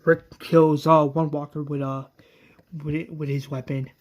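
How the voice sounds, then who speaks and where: A man casually recapping a story in a halting way, often repeating words. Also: fairly high pitch, little pitch movement. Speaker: episode recapper.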